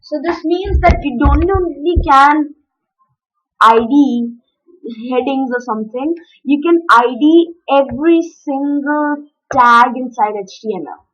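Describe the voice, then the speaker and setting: High-voiced woman teaching coding. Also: takes it slowly, muffled recording. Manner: explains step by step while typing, self-corrects. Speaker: coding tutor. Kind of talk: screen-recorded coding tutorial.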